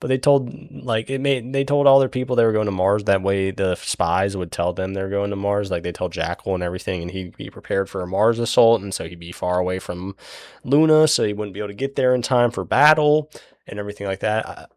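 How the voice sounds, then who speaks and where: A man hosting a channel recaps a book while he draws, in a fairly low, slightly mellow voice at a fairly quick clip; he swears, rambles, uses many fillers and restarts, and voices the characters. The sound is clean studio quality without room sound.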